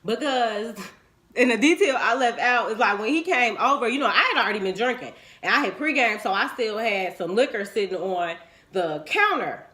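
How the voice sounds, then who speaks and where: A woman, telling a candid personal story to her viewers and acting out what people said. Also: normal speed. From Chicago, US. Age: 20s. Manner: animated and frank, acting out quoted lines in swooping pitch.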